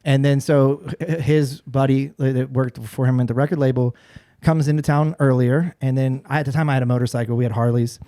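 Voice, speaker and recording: A man in his forties, a podcast guest and former radio personality, telling a story in a casual, animated way with frequent restarts. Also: medium pitch, brisk.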